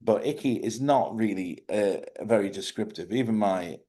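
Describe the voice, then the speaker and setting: A man with a fairly low voice hosts a casual live stream. He rambles along in a chatty way, often thinking out loud and wandering between thoughts. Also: moderate pace, breathy edge. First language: English.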